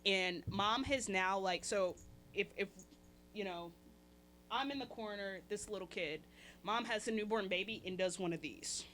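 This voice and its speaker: Bright, animated woman telling a story. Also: medium pitch, measured pace, a little hiss or hum. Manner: animated, acts out quotes with shifting voices; chatty, laughs through her story. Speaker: podcast guest. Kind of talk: casual storytelling.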